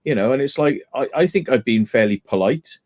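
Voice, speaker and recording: Mellow, halting man. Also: mid-range voice, animated. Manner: halting, measured, full of restarts. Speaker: urban explorer. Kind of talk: casual chat.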